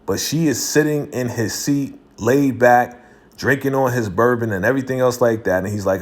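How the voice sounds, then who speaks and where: A man's voice: mid-range voice, moderate pace. A man hosting his own video, recapping a TV episode in a slangy, casual way and laughing between lines. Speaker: video host reviewing a TV episode.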